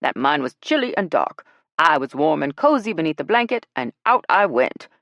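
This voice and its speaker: Brash older woman, blunt and teasing, loud, read by a female narrator. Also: low voice, very animated, moderate pace, dry recording, lo-fi sound, heavily acted. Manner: brash and bossy.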